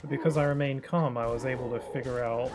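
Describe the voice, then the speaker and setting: A man's voice: medium pitch, steady tone, fast. A man giving live commentary while streaming a game, joking and griping in a mock-dramatic, self-mocking way. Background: game music.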